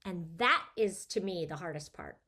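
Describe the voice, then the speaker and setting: A woman's voice: fairly low pitch, lively intonation, moderate pace, sharp tone. Middle-aged woman, chatty guest, candid and emotional storytelling about her kids. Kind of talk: casual chat.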